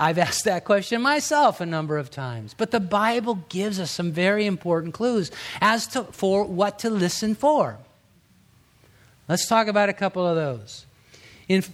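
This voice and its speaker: High-voiced pastor preaching conversationally. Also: male voice, very animated, moderate pace. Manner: conversational preaching, acting out quotes with sudden rises and hushed drops. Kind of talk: sermon.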